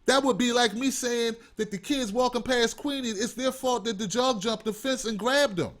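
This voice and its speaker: At a moderate pace, the host of a call-in show rants with passion and swearing, his very high voice a bit bright. His delivery is impassioned, profane and emphatic.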